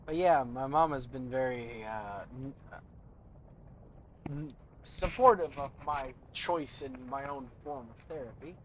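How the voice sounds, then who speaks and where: A man's voice: mid-range voice, a little slow, a bit bright, a little hiss or hum. A young man streaming a video game, rambling through gear stats and joking about his own voice as he talks to chat. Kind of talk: casual gameplay commentary. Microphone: studio desk mic.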